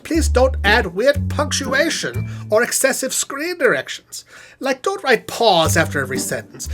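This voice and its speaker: A performer voicing a vain male puppet professor who talks to camera as a comic spokesman, theatrical and sassy. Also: natural voice. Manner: theatrical, sassy, swooping pitch. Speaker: puppet spokesman for custom videos. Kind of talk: comic scripted monologue to camera. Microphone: on-camera puppet set.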